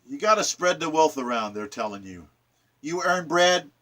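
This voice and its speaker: A man's voice: on the high side, expressive, normal speed, pushed and bright. A man reciting his own sonnets and following them with impassioned, preachy political commentary. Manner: ranting, preachy, emphatic.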